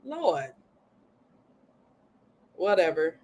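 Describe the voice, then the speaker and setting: A woman hosting a casual livestream, excitedly reading viewer comments aloud and often saying "y'all.". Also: on the low side, extremely slow, dull audio. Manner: says "y'all" often, Southern-tinged speech. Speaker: livestream host.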